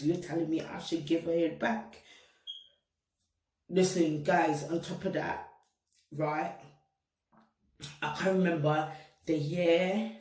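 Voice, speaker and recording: This slangy young vlogger has a low voice and addresses her viewers directly in an animated, casual storytime monologue. The recording sounds roomy and distant, with echo and the mic set back from her.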